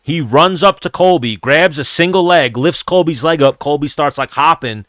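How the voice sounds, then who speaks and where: Man, podcast host, bright voice, dry close sound, casual profane storytelling. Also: a little high, moderate pace, no room sound. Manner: profane, animated storyteller acting out quotes.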